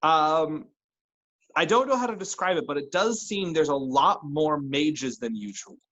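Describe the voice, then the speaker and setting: A man voicing a gentle, maternal woman who teaches divination, in his own everyday voice, speaking softly and sweetly. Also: a little high, animated, muffled recording. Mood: puzzled. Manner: soft, sweet, unhurried speech.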